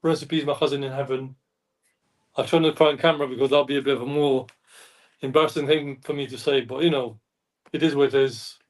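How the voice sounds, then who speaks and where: A man's voice: medium pitch, fairly even intonation, fast. A man chatting as a fan panelist, rambling, often correcting himself and apologising. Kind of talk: casual chat. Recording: distant mic.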